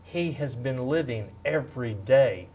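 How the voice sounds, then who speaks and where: A man in his fifties sharing a lively faith testimony as a guest, acting out quotes as he tells it. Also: mid-range voice, unhurried, slightly rough. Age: 50s. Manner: animated, storytelling, acts out quotes. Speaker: guest speaker. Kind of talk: faith testimony in a talk show.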